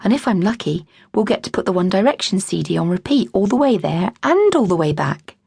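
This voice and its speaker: A woman's voice: medium pitch, very animated, fairly quick, gravelly, a little mellow, slightly rough, no room sound, clean studio sound, heavily acted. A woman voicing an easygoing husband who teases and sighs wryly in an audiobook. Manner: wry, teasing, sighing. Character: easygoing joking husband, adult man.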